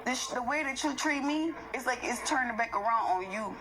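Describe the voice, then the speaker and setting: A woman in a heated, profane personal rant, confronting someone, repeating herself and then forcing herself to calm down. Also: on the high side, a little fast, very noisy. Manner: confrontational, repetitive, profane, swings between yelling and calming down.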